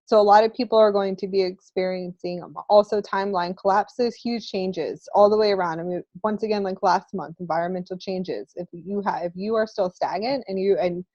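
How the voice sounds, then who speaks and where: A woman in a casual spiritual chat who talks in an animated way, laughs often and acts out little quotes with sudden whoops. Her voice sits in a middling range. The recording is dry and a bit dull, as if through a modest mic. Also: mid-range voice, fairly quick, few pauses, dry recording. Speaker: spiritual channel co-host.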